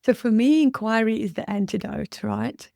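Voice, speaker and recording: A woman's voice: a little high, normal speed, creaky, dry recording, studio quality. A woman hosting an interview podcast, posing questions in an engaged, conversational way. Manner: engaged, asks questions and gives warm affirmations. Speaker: podcast host.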